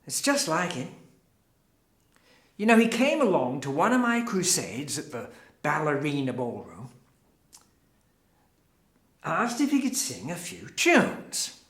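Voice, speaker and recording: A man's voice: on the high side, wildly swooping pitch, slow pace, long pauses, fairly bright tone, heavily acted. A man playing a showy Australian crusade leader. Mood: showy, chatty. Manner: chatty, theatrical, addresses audience directly. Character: showy middle-aged male crusade leader, evasive. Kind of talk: theatre monologue. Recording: roomy, echoey.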